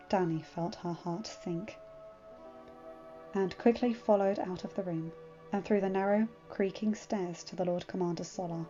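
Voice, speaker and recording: A woman narrating a fanfiction story in an expressive, dramatic reading. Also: fairly low pitch, moderate pace. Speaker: fanfiction reader. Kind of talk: scripted narration. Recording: dull lo-fi with faint music.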